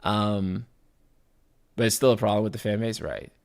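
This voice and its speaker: A man's voice: lowish voice, rapid-fire, creaky, darkish tone. A man live streaming, chatting casually with his viewers, rambling and often restarting his sentences. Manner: casual, swears, talks to chat.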